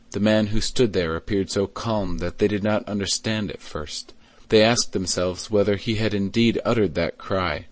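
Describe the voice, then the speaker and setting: Man, audiobook narrator, measured reading, low pitch, dry sound. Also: no room sound. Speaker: audiobook reader. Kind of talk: scripted narration.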